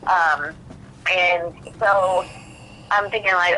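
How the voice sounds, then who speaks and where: A woman with a mid-range voice speaks at normal speed, her tone pushed and bright, on a rough recording with a little hiss or hum. She's a podcast guest speaking from prison, telling her own story candidly in a rambling way full of fillers and restarts, quoting what she thought at the time.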